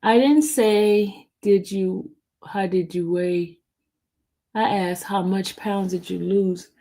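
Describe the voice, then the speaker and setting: A woman's voice: medium pitch, steady tone, takes it slowly, dark tone, poor audio. A woman vlogger chatting casually to her viewers, rambling and answering comments from live chat.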